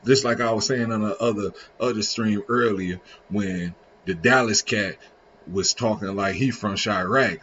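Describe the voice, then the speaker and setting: A man's voice: on the low side, a little slow, a bit bright, highs cut off, a little hiss or hum. A man casually reacting on a live stream, rambling in slang with frequent restarts. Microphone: streaming setup.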